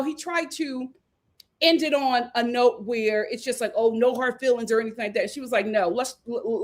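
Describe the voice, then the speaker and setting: A woman in her thirties recapping a reality show in casual chat, laughing and acting out the cast members' lines. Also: high-pitched. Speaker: host of a reality show review stream.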